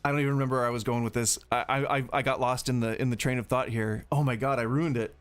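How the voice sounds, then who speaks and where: A man's voice: medium pitch, steady tone, fast, few pauses, clean tone, soft background music. A man hosting a livestream podcast, ranting profanely and rambling with restarts. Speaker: podcast host. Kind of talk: livestream commentary.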